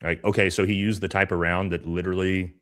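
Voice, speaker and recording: Deep-voiced blunt man on a live stream. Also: flat delivery, fast, fairly bright tone. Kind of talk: casual live-stream commentary.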